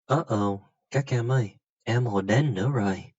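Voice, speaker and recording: A male teacher giving a children's language lesson, patient and gently amused, drilling sounds to repeat. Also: mid-range voice, normal speed, husky, no echo, highs cut off.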